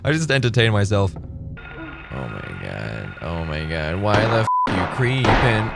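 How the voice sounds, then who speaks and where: A man in his thirties from Northern Ireland, commentating a horror game stream, excitable, yelling, swearing and putting on joke voices. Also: lowish voice, unhurried, gravelly, over loud music. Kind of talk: let's-play stream commentary.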